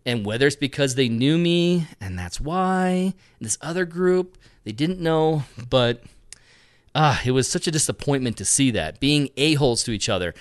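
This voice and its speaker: A man's voice: medium pitch, moderate pace, smooth. A man telling a story in a casual chat, acting out what other people said. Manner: animated, acts out other people's lines in the story. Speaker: photography group leader telling a story.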